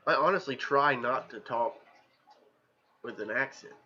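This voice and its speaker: A man's voice: mid-range voice, measured pace, bright, forceful tone, breathy edge, highs cut off. A man from Southern Ohio with a mild country accent, chatting casually and reading out viewer comments as co-host of a livestream. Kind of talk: casual chat.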